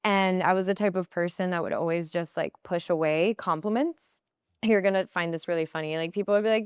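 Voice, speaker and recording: A woman guest on a podcast, telling personal stories in casual talk, often quoting herself and others in high, playful voices. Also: fairly quick, clean tone, no echo, clean studio sound. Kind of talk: conversational interview storytelling.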